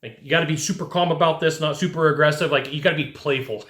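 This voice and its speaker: A man with a high, forceful voice coaches his listeners with animated, direct talk, often tossing in "right?" to check they follow. His voice rings in a roomy, echoey space. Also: fast, hardly any pauses. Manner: animated, talks straight to the listener, keeps asking "right?". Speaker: sales coach. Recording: echoey room.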